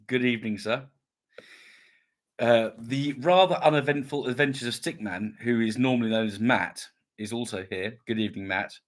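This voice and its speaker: A man's voice: mid-range voice, moderate pace. A man hosting a casual live stream, chatting in a rambling way as he greets viewers and reads out their comments. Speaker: YouTube channel host.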